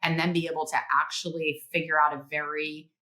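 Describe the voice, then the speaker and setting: A middle-aged woman, a guest author, telling stories in an animated interview, acting out quotes and laughing often. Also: low-pitched, brisk, low-quality recording. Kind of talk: podcast interview, storytelling.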